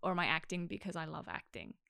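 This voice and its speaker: A woman who teaches acting, chatting casually and telling animated stories with frequent laughs. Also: on the low side, quick pace, vocal fry, clean tone, dry recording, studio quality. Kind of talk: casual chat.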